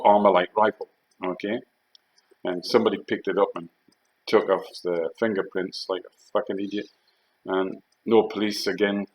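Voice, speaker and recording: Older ex-soldier with a lowish voice, blunt and combative, swearing through a heated monologue. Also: male voice, poor audio. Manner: blunt, swearing, emphatic with rhetorical questions. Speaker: former soldier telling war stories.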